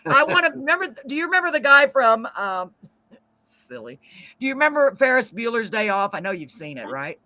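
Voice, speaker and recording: Chatty woman host, bright and close. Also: fairly high pitch, very animated, brisk, no room sound. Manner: chatty, laughs often, Southern slang. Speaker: talk show host. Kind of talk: casual chat.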